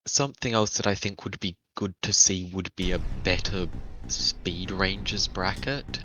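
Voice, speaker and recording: A man taking part in a game race, calmly suggesting ideas in casual voice chat with hedging fillers. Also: low-pitched, measured pace, slight background noise. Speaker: race participant.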